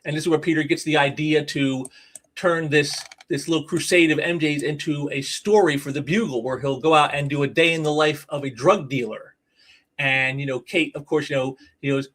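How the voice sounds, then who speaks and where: A man's voice: a little high, moderate pace, fairly bright tone. A man casually talking through a comic book issue, rambling with lots of fillers and restarts. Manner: rambling, many "you know" fillers and restarts. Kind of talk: casual spoken review.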